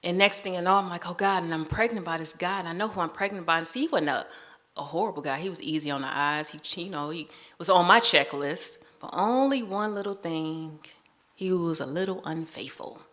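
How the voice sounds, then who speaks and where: A woman recounts a personal story before a live audience in a chatty, conversational way. Her voice sits fairly low for a woman but has a bright, forward edge. She slips into the voices of the people in her story as she quotes them. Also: brisk.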